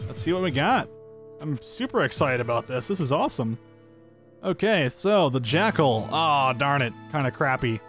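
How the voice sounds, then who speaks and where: A man's voice: mid-range voice, lively intonation, normal speed, fairly bright tone, faint music behind. A man giving upbeat, chatty let's-play commentary, thinking aloud as he plays. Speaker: gameplay commentator.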